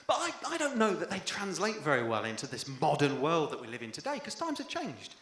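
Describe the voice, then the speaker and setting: A young English man doing a stand-up comedy set on stage, dry and self-deprecating, with sudden loud outbursts. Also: fairly high pitch, wildly swooping pitch, fairly quick. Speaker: first-time stand-up comedian. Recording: echoey live venue with faint room noise.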